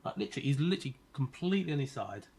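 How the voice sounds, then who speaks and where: A man's voice: medium pitch, very animated, very fast, creaky, darkish tone, breathy edge. Chatty man streaming a racing game. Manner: chatty, reads and answers chat, teasing. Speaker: gaming streamer. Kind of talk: casual live-stream chat while racing.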